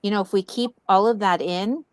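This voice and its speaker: A woman speaks earnestly and warmly personal about her own self-care, urging listeners to look after themselves. Her voice is smooth and clear. The sound is dry and close. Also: mid-range voice, fairly quick, no echo. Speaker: wellness event co-host. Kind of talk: heartfelt community talk.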